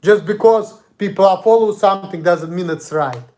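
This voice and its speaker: A man's voice: high-pitched, normal speed, warm tone. A young man from Russia with a Russian accent, ranting angrily and profanely in a confrontational monologue. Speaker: vlogger. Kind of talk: angry monologue.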